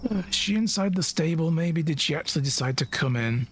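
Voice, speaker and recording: A man's voice: on the high side, lively intonation, a little fast, slight background noise. A man streaming a video game, chatting casually and thinking aloud with frequent laughs. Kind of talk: casual let's-play commentary.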